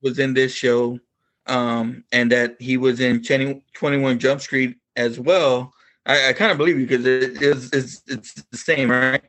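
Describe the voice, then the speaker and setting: A man's voice: medium pitch, flat delivery, measured pace, a bit bright. A man who is a guest on a casual podcast, with an ordinary mid-range voice. He tells stories in a loose, friendly way and laughs easily. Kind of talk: casual chat.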